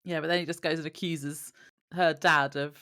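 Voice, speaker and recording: Low-voiced woman co-host with wry comments. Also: steady tone, moderate pace, fairly bright tone. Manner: wry, blunt remarks with frequent laughter. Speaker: podcast co-host. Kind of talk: casual chat recapping a TV episode.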